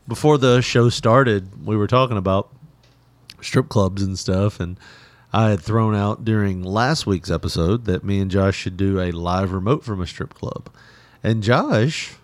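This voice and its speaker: A man's voice: fairly low pitch, unhurried, dry recording. A man hosting a podcast in casual, joking chat, laughing often. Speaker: podcast host.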